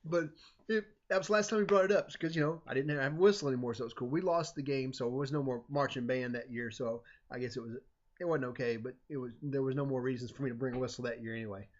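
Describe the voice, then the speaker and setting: A man telling a casual personal anecdote in a rambling, animated way, often cutting himself off mid-sentence. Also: medium pitch, fast. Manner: rambling, self-interrupting, animated. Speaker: storyteller. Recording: dull lo-fi recording.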